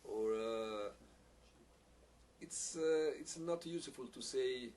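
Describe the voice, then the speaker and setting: A man leads a piccolo masterclass and explains things haltingly, repeating words and using non-native phrasing as he feels his way through. His voice sits at an ordinary middle pitch for a man. He is picked up from a distance, with a faint hiss underneath. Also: a little mellow. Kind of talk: masterclass teaching, answering questions.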